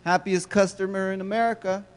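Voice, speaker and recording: A man's voice: high voice, little pitch movement, a little fast, clear, resonant tone. Storytelling keynote man in echoing hall. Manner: storytelling, conversational, asks the audience questions. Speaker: keynote speaker. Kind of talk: motivational keynote talk. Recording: long hall reverb.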